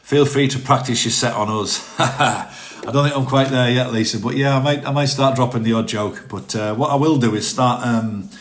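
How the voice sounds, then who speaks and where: A man's voice: mid-range voice, moderate pace, roomy sound, a little hiss or hum. A man chatting casually on a live stream from his home, rambling and self-deprecating.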